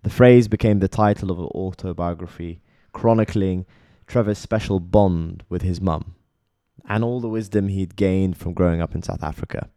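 Deep dark-voiced male narrator. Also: dry recording, clean studio sound. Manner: measured, addresses listener directly. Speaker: documentary narrator. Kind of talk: scripted biographical narration.

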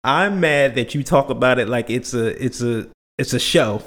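A man's voice: mid-range voice, normal speed, fairly bright tone. A man co-hosting a casual chat podcast, laid-back and slangy, steering the conversation between topics. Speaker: podcast co-host.

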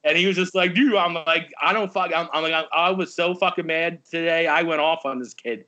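A man's voice: fairly high pitch, fairly quick. A man in casual sports chat, telling a story with plenty of swearing. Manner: animated storyteller, swears a lot. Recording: dull lo-fi sound.

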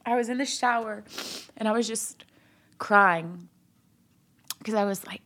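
A young woman from Ohio sharing her personal faith testimony as a guest, animated, acting out what others said, with many fillers. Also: mid-range voice, unhurried, pauses often. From Ohio, USA. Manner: animated retelling, voices others' quotes, frequent fillers.

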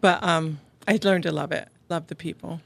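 Gravelly middle-aged woman, podcast guest. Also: on the low side, fairly even intonation, normal speed, no room sound. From upstate New York. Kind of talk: casual interview conversation.

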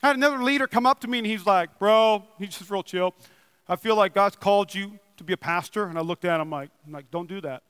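High, bright-voiced excitable preacher man. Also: quick pace, clear, resonant tone, no room sound, big-room sound. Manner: excitable, rising to loud emphatic bursts then easing into chatty storytelling. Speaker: pastor. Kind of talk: sermon. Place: church building. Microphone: wearing a microphone.

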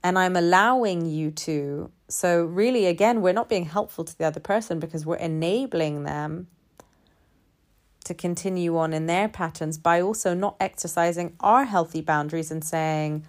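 A woman speaking in a calm, measured reflective monologue, building her points through repeated phrases. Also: lowish voice.

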